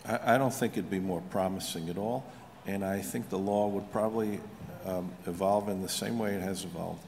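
A man on a legal panel answers thoughtfully with plenty of ums. His voice is very low and gravelly. The hall adds a long echo around him. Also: fairly even intonation, a little mellow, a little hiss or hum. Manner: measured, filler-heavy. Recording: reverberant hall.

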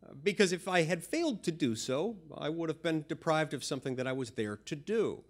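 A man's voice: a little high, animated, fairly quick. A man, a senator, giving a humorous speech built on anecdotes, told in a dry, self-deprecating way.

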